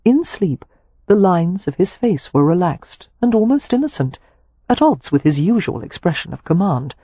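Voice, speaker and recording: Husky, dark-voiced woman narrating. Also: lowish voice, no echo. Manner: measured, expressive reading. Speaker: audiobook narrator. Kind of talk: scripted narration of a romance novel.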